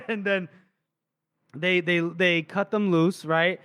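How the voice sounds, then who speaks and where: A man co-hosting a casual book podcast, with a slightly higher voice than most men. He recaps the chapter with animated energy and slips into the characters' lines as he tells it. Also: normal speed, clean tone. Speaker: podcast co-host.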